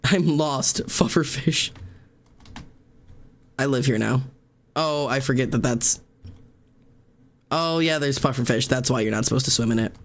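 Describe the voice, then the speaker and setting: A man's voice: medium pitch, a little slow, long pauses. A man live-streaming, chatting casually and rambling while gaming, swearing freely and laughing often into a desk microphone.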